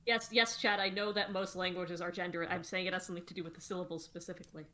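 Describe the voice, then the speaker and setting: A woman's voice: lowish voice, little pitch movement, fast talker, bright, forceful tone. A woman co-hosting a livestream, explaining songwriting casually with many fillers and restarts. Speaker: co-host songwriter.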